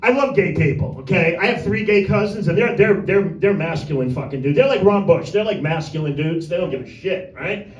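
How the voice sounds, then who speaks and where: A man with a high voice doing a crude, rambling stand-up set and picking on people in the audience by name. He is recorded from a distance in an echoey little room. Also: a little fast, few pauses, highs cut off. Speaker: stand-up comedian. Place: small room with a tiny audience.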